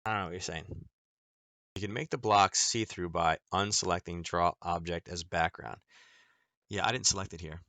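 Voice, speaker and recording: A man's voice: sits low, steady tone, normal speed, pushed and bright, no room sound. A man hosting a live trading lesson, talking casually to viewers about charts and filling his speech with "um" and "like". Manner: loose and chatty, full of "um" and "like", talking to viewers. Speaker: trading educator hosting a nightly chart stream.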